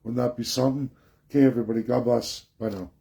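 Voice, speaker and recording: A man's voice: medium pitch, flat delivery, fast talker, gravelly, noisy background. A man hosting a live political stream, talking in an insistent, repetitive, preachy way.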